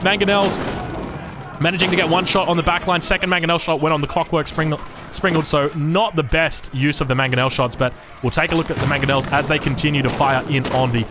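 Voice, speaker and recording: A man's voice: fairly high pitch, fast, background noise. A man with an Australian accent giving chatty play-by-play commentary on a strategy game, correcting himself and breaking into hype at big moments. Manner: chatty, self-correcting, bursts into excited hype. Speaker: game caster.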